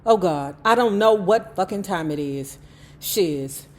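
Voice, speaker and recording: A woman's voice: fairly low pitch, animated, measured pace. A woman voicing a sick, spoiled male soul singer who whines and curses. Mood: groggy cursing. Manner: profane, whining.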